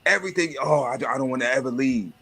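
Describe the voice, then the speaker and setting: Brief: adult man, livestream host, blunt and animated, punchy bright tone. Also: mid-range voice, fast talker, gravelly. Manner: profane, animated rant with mocking put-on voices. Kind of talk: casual monologue.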